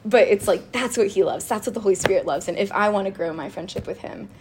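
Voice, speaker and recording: A woman chatting casually about faith and telling a personal story, animated and quick to laugh, with lots of "like". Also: medium pitch, background noise. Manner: animated and giggly, with frequent laughter and filler "like".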